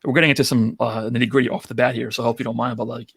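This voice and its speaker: A man with a New York accent speaks quickly in a gravelly, husky voice, friendly and open as he chats as a podcast guest. The sound is dry and close, with no room behind him. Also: medium pitch, little pitch movement, a bit bright, no echo. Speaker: podcast guest, rental business owner. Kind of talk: casual interview chat.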